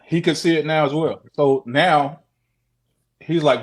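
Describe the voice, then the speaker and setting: Here a guest describes something he saw, speaking over a video call in a fairly high, husky voice at an ordinary pace. His retelling is loose and full of swearing, circling back on itself as he performs other people's lines with energy.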